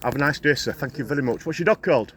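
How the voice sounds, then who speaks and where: This vlogger from Yorkshire talks rapid-fire in a medium-pitched, slightly bright voice. Holding his phone while pedaling up muddy hills outdoors, he's out of breath, offering casual commentary full of groans, swearing, and jokes.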